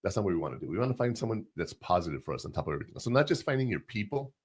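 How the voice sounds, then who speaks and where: A man's voice: on the low side, sing-song, rapid-fire, darkish tone, husky. A middle-aged man hosting a casual podcast, giving advice through rambling personal anecdotes. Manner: tells rambling personal anecdotes, acts out quotes. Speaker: podcast host.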